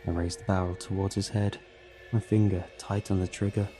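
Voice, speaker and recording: A man narrating a horror story in a steady, dramatic scripted reading. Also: low voice, brisk, faint music behind.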